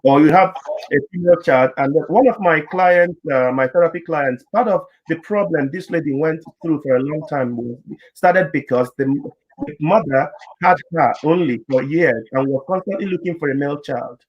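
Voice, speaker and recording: A man's voice: a little high, normal speed, highs cut off. A man speaking as a panelist and therapist in a panel discussion, earnest and explanatory, often repeating words as he builds his point.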